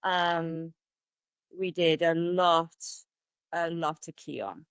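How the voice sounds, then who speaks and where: A woman speaks as a guest on a podcast. Her voice sits a little low and is caught close and dry, with no room around it. She talks candidly and chattily, laughing easily. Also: steady tone, extremely slow, smooth, no echo. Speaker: podcast guest, martial artist. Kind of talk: conversational interview.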